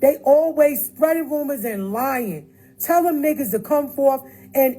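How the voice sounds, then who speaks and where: A woman's voice: sits high, expressive, a little slow, warm tone, soft background music, rough recording. A woman talking straight to viewers on a phone livestream, emphatic and repeating her points. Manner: emphatic, repeats phrases, addresses viewers directly. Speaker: livestream host. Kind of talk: casual livestream talk.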